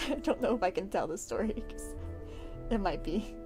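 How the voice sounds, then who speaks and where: A young woman streamer casually telling work stories to her chat while drawing, animated, laughing often and acting out what people said. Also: medium pitch.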